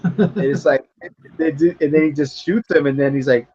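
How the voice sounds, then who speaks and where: A man casually retelling a film scene for a podcast, rambling and profane, stumbling over words and jumping into high voices to act out characters. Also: fairly even intonation, a little fast, darkish tone, slightly rough, highs cut off. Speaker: podcast co-host. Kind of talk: casual film review chat.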